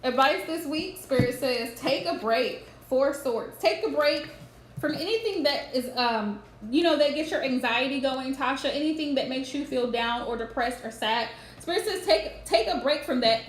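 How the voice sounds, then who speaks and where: A high-pitched woman reads tarot on a live stream and talks straight to her viewers. She is earnest and repeats key phrases for emphasis. The room is echoey, with faint noise behind her. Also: moderate pace. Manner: earnest, repetitive, advising viewers directly. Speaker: tarot reader. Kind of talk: live-streamed spiritual reading. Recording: roomy echo with faint background noise.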